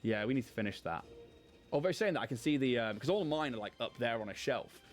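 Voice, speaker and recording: A man's voice: medium pitch, lively intonation, fast, soft background music. Chatty self-mocking man hosting. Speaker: host. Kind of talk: casual chat while painting miniatures on a livestream.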